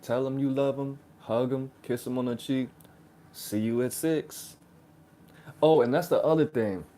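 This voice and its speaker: A man with a warm, dark voice holds forth in reaction-video commentary. He rants in loose street slang, sarcastic and mocking, throwing "bro" into almost every sentence. His pitch sits in the middle of the male range. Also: fairly even intonation, measured pace. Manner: slangy, ranting, keeps saying "bro". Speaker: reaction channel host.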